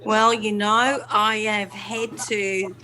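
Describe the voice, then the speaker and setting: A woman's voice: medium pitch, little pitch movement, slow, bright, forceful tone. A woman with a Liverpool accent chatting on a video call, effusive and gushing. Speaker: guest actress. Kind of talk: casual video call chat.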